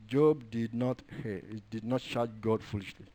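With fairly even intonation and a moderate pace, a man preaches, quoting and reading scripture. He moves from soft asides to loud proclamations and stretches words out for stress.

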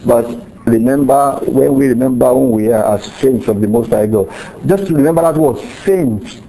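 A man's voice: mid-range voice, moderate pace, vocal fry, warm tone, a little hiss or hum, poor audio. A middle-aged man preaching a sermon in a conversational way, acting out little quoted exchanges as he teaches. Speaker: pastor.

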